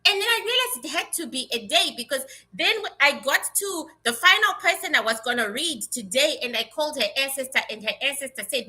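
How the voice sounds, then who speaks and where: A woman psychic medium chatting casually, telling animated stories from her readings in blunt, salty language. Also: high-pitched, fairly quick, hardly any pauses. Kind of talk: casual livestream chat.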